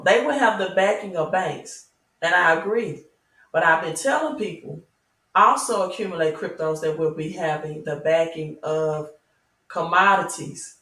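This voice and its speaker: A woman's voice: on the low side, a bit bright. Woman, Southern US accent, livestream host, emphatic and preachy, rhetorical questions, distant mic, echoey room. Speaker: crypto channel host. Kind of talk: livestream talk reading chat. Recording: roomy echo, mic at a distance.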